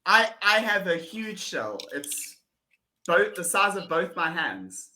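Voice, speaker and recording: A woman's voice: lowish voice, sing-song, slow pace, pushed and bright. A woman with a South African accent, tutoring English over a video call, patiently repeating words and laughing often. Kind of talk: one-on-one pronunciation lesson.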